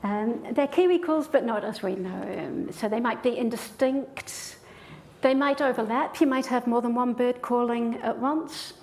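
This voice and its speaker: A woman's voice: a little high, unhurried, gravelly, darkish tone, slight background noise. A woman professor giving a public lecture in a hall with an audience, explaining ideas step by step in an enthusiastic way.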